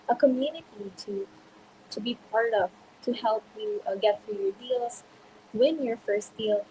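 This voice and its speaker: A woman's voice: medium pitch, dark tone, a little hiss or hum, poor audio. A woman hosting a live webinar, giving an upbeat, scripted welcome with a few fillers. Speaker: host. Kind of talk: webinar host introduction.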